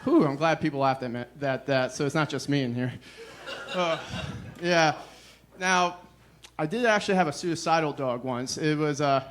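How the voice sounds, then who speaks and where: A young man with a fairly high voice does deadpan, self-deprecating stand-up, letting out a weary "ugh" between jokes.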